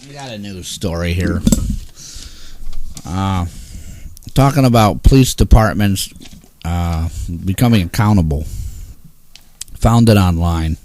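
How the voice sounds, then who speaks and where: A man from the northeastern United States hosts a small talk show from a home studio. His voice sits on the low side, and he talks in grumpy, exasperated rants full of cursing. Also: slow, pauses often, darkish tone. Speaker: host. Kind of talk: casual ranting talk show.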